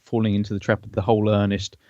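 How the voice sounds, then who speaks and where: Low-voiced man on a dull line. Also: little pitch movement, racing, warm tone, no room sound. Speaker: podcast co-host. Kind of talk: casual chat.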